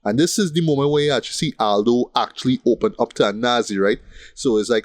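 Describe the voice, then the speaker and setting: A man's voice: medium pitch, fast, dry recording. A man co-hosting a casual film podcast, retelling scenes in an easygoing way and checking in with "right?". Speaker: podcast co-host.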